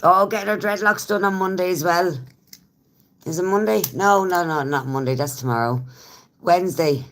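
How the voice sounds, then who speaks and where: A woman's voice: lowish voice, moderate pace. An Irish woman and smoker chatting casually with viewers on a live stream, laughing often as she talks. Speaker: livestreamer.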